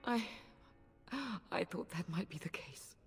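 An actress playing a quiet, grieving widowed mother in a video game. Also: on the low side, a little slow, creaky, slight background noise. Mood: sorrowful. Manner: quiet, sorrowful.

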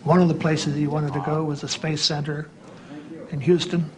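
A man's voice: on the high side, level tone, moderate pace, a crowd in the background. A man recalling anecdotes in a chatty storytelling manner during an interview.

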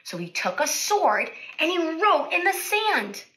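A woman speech-language therapist reading a picture book aloud to children, animated and stopping to ask questions. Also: extremely high pitch, a little slow, rough recording.

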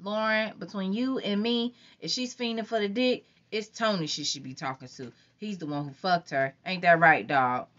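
A woman's voice: mid-range voice, normal speed, few pauses, a bit bright, pitched above the performer's own voice, close to an everyday voice. A woman voicing a crude, cocky young man on tour in an audiobook reading, teasing and suspicious, on a dull lo-fi recording.

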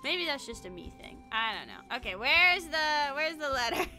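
A woman's voice: high-pitched, big pitch swings, normal speed, sharp tone, soft background music. A woman VTuber streaming a game, chatting crudely with lots of giggles and reading text aloud. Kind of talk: casual livestream chat with reading aloud.

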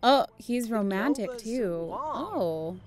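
With a slightly high, expressive voice and a slow pace, this young woman YouTuber commentates a life-sim game as a crowd murmurs in the background. She's chatty and playful, laughs often, and narrates her own moves.

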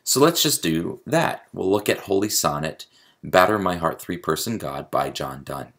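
Male writing instructor, deep and gravelly, explanatory lecture delivery. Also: lively intonation, normal speed, fairly bright tone. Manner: explanatory, chants stress patterns aloud. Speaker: creative writing teacher. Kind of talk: recorded video lecture.

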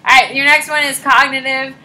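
Chatty teacher woman, bright voice. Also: sits high, level tone, fairly quick, slight background noise, poor audio. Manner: chatty, storytelling, full of "like" and asides. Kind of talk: casual classroom lecture. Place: classroom.

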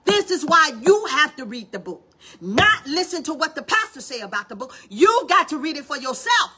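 A woman's voice: sits high, sing-song, moderate pace, bright, forceful tone. A woman preaching a morning devotional in a fiery, colloquial style, acting out the people in the story. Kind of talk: sermon.

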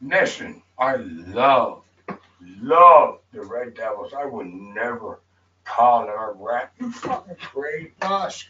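A man on a livestream, chatting in a rambling, profane, emotional way, swinging between shouts and mutters. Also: medium pitch, very animated, takes it slowly, distant mic, highs cut off, slight background noise.

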